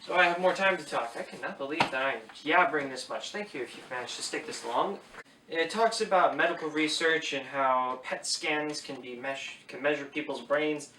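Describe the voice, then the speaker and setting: A chatty, opinionated man reviews a book aloud with dry asides. His fairly high, bright voice rings in an echoey room, a little back from the mic. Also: normal speed, distant mic, a little hiss or hum.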